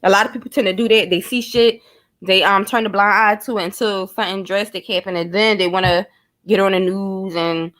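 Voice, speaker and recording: A woman's voice: medium pitch, steady tone, a little fast, a bit bright. A woman giving blunt, profane commentary, speculating and talking straight to her viewers in a casual vlog. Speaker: true crime commentator.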